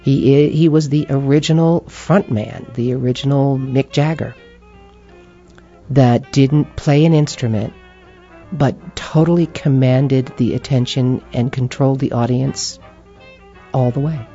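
Brief: expressive woman interviewee, dark mellow tone, slightly dull audio. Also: extremely low pitch, a little slow, faint music behind. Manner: expressive, animated, acts out inner voices. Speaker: interview guest. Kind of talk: reflective conversational storytelling.

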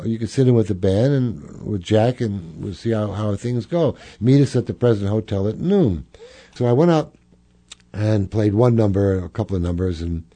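A man's voice: fairly low pitch, warm tone. An older man, a jazz clarinetist, reminiscing in an interview, rambling with fillers and restarts.

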